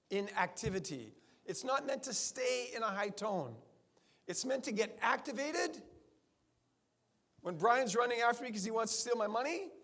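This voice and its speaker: A man's voice: high voice, a bit bright. A man in his sixties, a chiropractor giving a seminar talk to colleagues, emphatic and full of rhetorical questions to the audience. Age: 60s. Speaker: chiropractor addressing fellow chiropractors.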